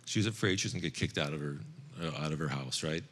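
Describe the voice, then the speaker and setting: A man's voice: very deep voice, fast, a bit bright. A middle-aged man telling a personal testimony to a men's Bible study group in an earnest storytelling manner. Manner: earnest, storytelling, quoting others in his own voice, occasional laughs.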